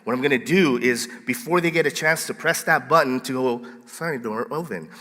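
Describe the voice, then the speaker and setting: Bright-voiced playful male pastor. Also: medium pitch, a little fast, big-room sound. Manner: playful, animated storyteller who acts out scenes. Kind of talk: sermon with storytelling. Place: church sanctuary.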